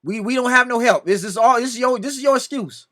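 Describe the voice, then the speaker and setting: A man hosts a sports reaction video, speaking casually but exasperated as he argues directly with another commentator, pleading "come on now" again and again. His voice is very high-pitched and sharp, and he talks quickly.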